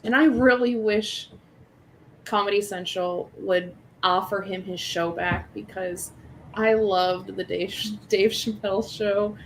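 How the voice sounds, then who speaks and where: A woman's voice: medium pitch, fairly even intonation, slow, a little hiss or hum, low-quality recording. A woman cohosting a casual livestream chat, throwing in teasing asides.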